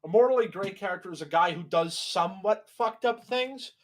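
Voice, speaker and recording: His high-pitched voice runs a little fast as this young co-host casually reacts to a video. The talk rambles, turns profane and is thick with filler words.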